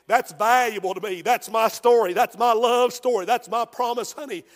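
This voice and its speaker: A tender, firm mother calling her son honey, played by a preacher in a high voice. She speaks with soothing conviction, and each line trails into a long church-hall echo. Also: moderate pace.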